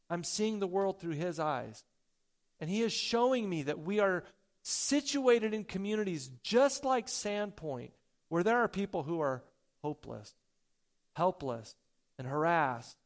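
A man preaching a sermon, telling a personal story with loud emphasis, soft asides and stammered repeats. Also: high-pitched, slow. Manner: stammers and repeats words when excited. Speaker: pastor.

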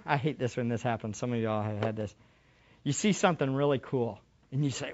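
Passionate preacher, lo-fi sound. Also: male voice, medium pitch, a little fast. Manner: passionate, swings from quiet asides to shouting. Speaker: pastor. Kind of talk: sermon.

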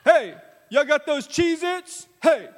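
A man voicing a little girl who mimics her dad and loudly demands snacks in a bossy, whiny way. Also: very high-pitched, expressive, slow, long reverb tail, voice pushed up, full character voice. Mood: demanding.

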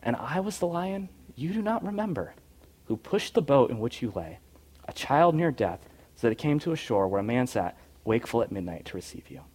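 A man reading aloud and voicing a huge, calm, gentle lion who speaks slowly and solemnly. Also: mid-range voice, husky, rough recording. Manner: slow, solemn, measured. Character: vast, deep, calm, gentle lion spirit.

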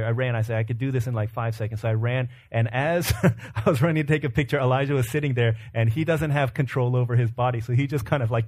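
A man's voice: mid-range voice, darkish tone. Earnest man preaching a sermon. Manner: earnest, storytelling with quoted voices and laughs. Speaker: pastor.

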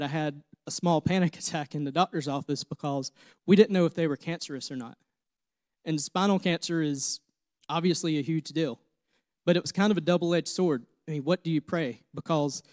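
A man's voice: fairly high pitch, no room sound. A man in his thirties preaching a sermon, telling a personal story of suffering and faith, with many repeated phrases. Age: 30s. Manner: personal testimony, grows emotional and louder. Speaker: pastor. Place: church.

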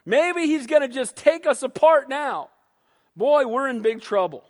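A man preaching a sermon, animated, who acts out quoted voices and calls for amens. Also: very high-pitched, a little slow. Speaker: pastor. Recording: long hall reverb.

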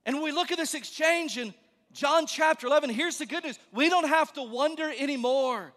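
A male pastor preaching a sermon in a church, conversational and joking, then dropping to a hush for emphasis. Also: very high-pitched, a little fast. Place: church sanctuary. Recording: long reverb of a large hall.

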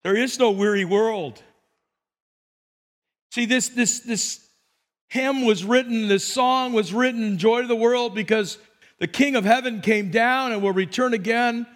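A male pastor preaching a sermon, telling stories in an animated way with repetitions and asides. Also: very high-pitched, measured pace. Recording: long hall reverb.

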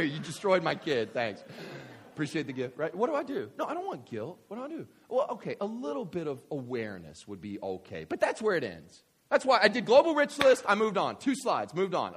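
A middle-aged male pastor preaches in a lively, conversational way and jokes with his listeners. His voice is a little husky, and his pitch climbs and dips a lot. His speaking voice sits fairly high for a man. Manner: animated, joking, conversational. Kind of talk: sermon.

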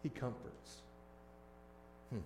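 Male pastor, sermon, hushed to emphatic, echoey room. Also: slow pace, a little hiss or hum. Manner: swings from hushed and tender to loud and emphatic.

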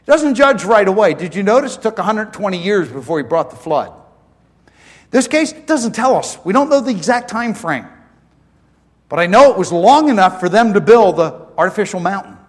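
Middle-aged male pastor, high voice, homespun sermon delivery, church hall reverb. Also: sing-song, normal speed. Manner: folksy storytelling preacher, asks the congregation questions. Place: church sanctuary.

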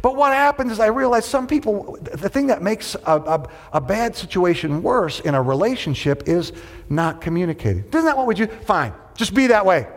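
A man's voice: high-pitched, big pitch swings, moderate pace. A male pastor preaching a sermon in a church, talking conversationally and joking with the congregation. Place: church sanctuary. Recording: reverberant church hall.

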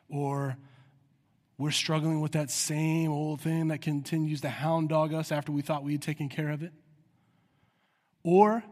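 A man's voice: on the high side, darkish tone. Man preaching in a reverberant hall. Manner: earnest preaching, acts out prayers in a raised voice. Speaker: pastor. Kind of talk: sermon.

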